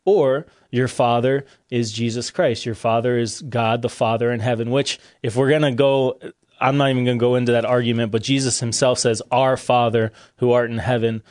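Man, Bible-show co-host, earnest and emphatic, mid pitch, dry close recording. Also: fairly even intonation, brisk, darkish tone, no echo. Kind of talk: live-streamed Bible discussion.

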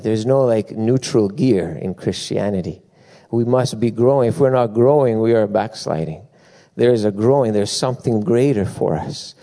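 Mellow-voiced male preacher telling stories. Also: mid-range voice. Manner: lively storytelling with frequent asides and laughter. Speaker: pastor. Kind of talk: sermon.

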